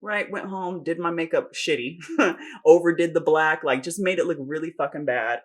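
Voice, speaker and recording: A woman's voice: low-pitched, moderate pace. A woman hosting a podcast, telling a personal story in candid casual chat, swearing often and acting out what people said. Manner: profane, animated storytelling with acted-out quotes. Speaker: podcast host.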